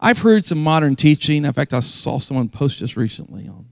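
A man's voice: medium pitch, moderate pace, darkish tone, no room sound. A man preaching a sermon as pastor, earnest and emphatic, often repeating key phrases for weight.

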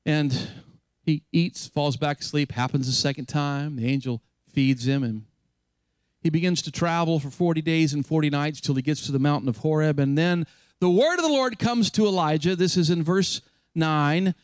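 A man with a high, light voice preaches a sermon, retelling scripture with dramatic flair. The sound is dry and close, with no room echo. He shifts his delivery to act out the story. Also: moderate pace, clean tone. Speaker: pastor.

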